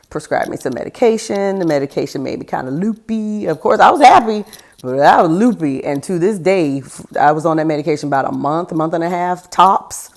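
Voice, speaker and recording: A woman podcast host candidly telling a personal story in a frank, conversational way, with laughs breaking through heavy moments. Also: low-pitched.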